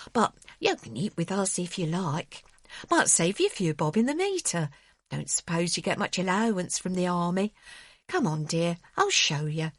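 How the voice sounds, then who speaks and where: Landlady in her thirties played by a woman, motherly slang, lively lilting voice, dry sound. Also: lowish voice, breathy edge, dry recording, full character voice. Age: 30s. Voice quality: homely dropped-h slang, motherly. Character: chatty working-class London landlady, kindly.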